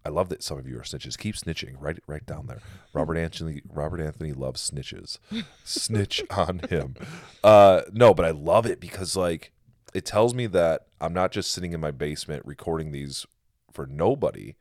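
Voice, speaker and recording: A man hosting a casual home podcast, telling stories with swearing and animated quoted asides, recorded in a basement. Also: extremely low pitch, moderate pace, no room sound, studio quality. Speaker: podcast host.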